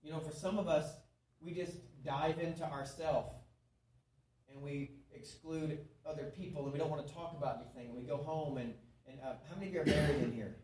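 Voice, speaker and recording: A man's voice: on the high side, fairly even intonation, brisk, darkish tone. A man gives a sermon-style talk with an earnest, folksy delivery, circling back over his points and asking the audience questions. He stands a little way from the mic, so the voice sounds distant in a roomy hall. A faint hum of room noise sits underneath. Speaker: speaker at a men's meeting. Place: church hall before an audience.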